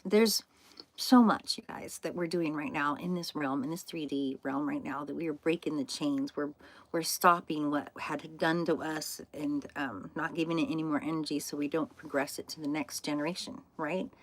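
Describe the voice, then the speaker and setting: A woman in her fifties chatting on a spiritual livestream, telling stories in an animated, laughing way and swearing now and then. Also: deep voice, normal speed, dry recording. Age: 50s. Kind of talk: casual livestream chat. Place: indoors at home, in an RV.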